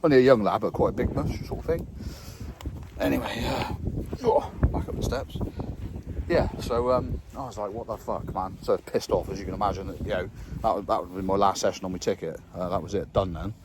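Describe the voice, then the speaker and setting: A man's voice: on the low side, a little fast, very noisy. A man, talking in a casual, rambling, sweary way while fishing outdoors by a lake. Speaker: carp angler vlogger. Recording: outdoor ambience, passing trains.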